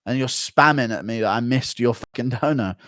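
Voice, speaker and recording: A young man streaming live, cursing freely and flaring up into rants between donation thank-yous. His voice sits at an ordinary middle pitch and comes through dry and close, with no room sound. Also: a bit bright, no echo. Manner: profane, ranting, quick to flare up. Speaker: livestream host. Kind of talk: casual livestream chat reading donations.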